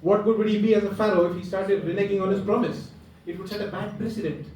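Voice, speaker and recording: A male stand-up comedian telling a long, winding story with deadpan asides at a small pub comedy night. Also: high-pitched, fast talker. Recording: echoey pub room, far mic.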